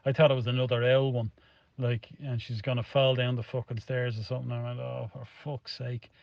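A middle-aged Irish man recounts an anecdote, swearing freely. His rambling delivery runs at a mid pitch. It sounds like a dull, lo-fi clip in a dry space. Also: flat delivery, fast talker, no echo. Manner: swears constantly, rambling, vivid retelling. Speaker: storyteller in a played clip. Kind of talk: casual spoken anecdote.

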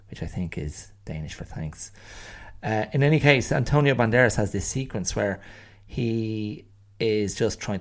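A man's voice: on the low side, gravelly. A middle-aged Irish man hosting a solo podcast, musing in a rambling, wry way and often restarting his phrases. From Ireland. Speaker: podcast host.

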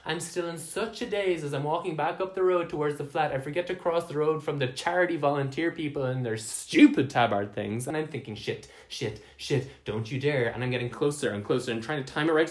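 A man's voice: fairly high pitch, lightly acted. A man playing a frazzled, camp young man in an audio drama, venting dramatically about his day. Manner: animated, dramatic ranting with swearing.

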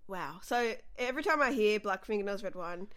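A young woman talks casually as a podcast guest. Her pitch swoops widely as she tells stories. She acts out her own reactions and laughs often. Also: lively intonation, fairly quick, fairly bright tone. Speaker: comedian guest.

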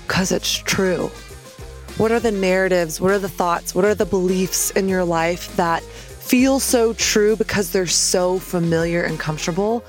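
A podcast host from Texas closes her show with a reflective, gently questioning talk. Her voice sits a little low, with faint music underneath. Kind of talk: solo closing reflection.

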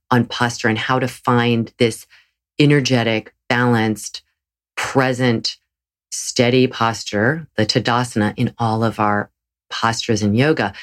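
A woman hosting her own podcast as a yoga teacher, talking earnestly and encouragingly in a solo episode, with frequent restarts. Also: very deep voice.

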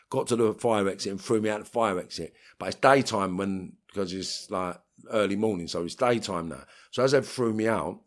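A middle-aged man with a London accent, telling blunt streetwise stories as an interview guest. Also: fairly low pitch. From England. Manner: blunt streetwise storytelling, swearing, acts out voices in quotes. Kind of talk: storytelling in an interview.

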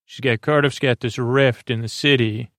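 Brief: male podcast host, gravelly low-mid voice, loose rambling recap, dry close sound. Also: fairly even intonation, moderate pace, a bit bright, no echo. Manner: rambling, many fillers and self-corrections. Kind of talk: casual episode recap.

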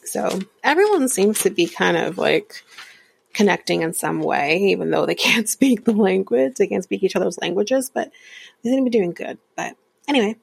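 A woman's voice: medium pitch, expressive, moderate pace, gravelly, husky. A woman hosting a podcast, recapping a reality show in a candid, chatty way with frequent laughs. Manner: chatty, candid, laughs often, drifts into whispered asides. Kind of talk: casual chat.

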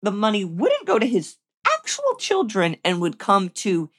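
A woman's voice: medium pitch, wildly swooping pitch, a little slow, a bit bright. A woman co-hosting a casual chat, recapping a movie with wry, joking remarks. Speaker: podcast co-host.

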